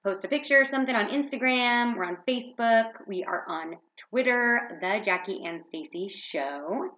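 A woman co-hosting a podcast in a casual faith chat, playful and animated as she tells stories. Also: medium pitch, moderate pace, lo-fi sound. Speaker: podcast co-host.

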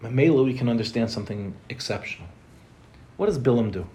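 Lively man teaching a Torah class. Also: medium pitch, slight background noise. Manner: quick, joking, asks rhetorical questions.

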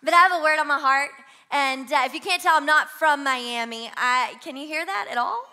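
A young woman from Louisiana with a Southern twang, preaching an energetic sermon as guest pastor and urging the congregation to join in. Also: high voice, fairly quick. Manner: energetic, exhorts the crowd to shout along. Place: church auditorium.

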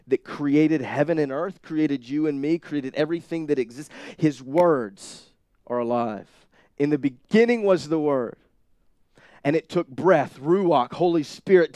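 A young man preaching a sermon, moving from quiet asides to loud, emphatic bursts. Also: a little high, no echo. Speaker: pastor.

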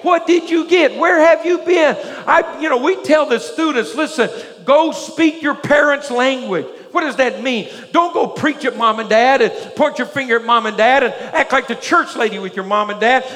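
A man preaches to his congregation in a strikingly high voice, full of energy and forever checking that they're with him. His sermon rings through a large church sanctuary, and every phrase trails off into a long reverb. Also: normal speed, few pauses. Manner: energetic preaching with frequent call-and-response questions. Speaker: pastor.

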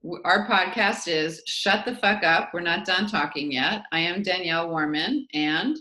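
A woman co-hosting a podcast, talking in a relaxed, chatty way. Her voice is gravelly and sits low, yet it has a bright, forceful edge. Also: unhurried. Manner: chatty, enthusiastic. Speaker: podcast co-host. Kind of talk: casual chat.

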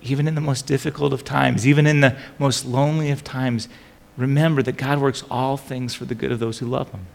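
Middle-aged male pastor, gravelly voice, animated sermon storytelling, reverberant hall. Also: mid-range voice, a little fast, few pauses. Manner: animated storytelling with frequent restarts.

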